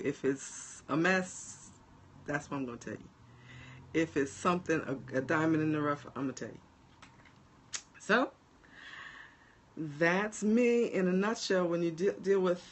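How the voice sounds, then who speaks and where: A woman with a New Jersey accent talks straight to her online viewers as a life coach. She is blunt and animated, and her voice rises and falls a lot. She speaks at an unhurried pace. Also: low-pitched. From New Jersey, USA. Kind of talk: casual livestream chat to viewers.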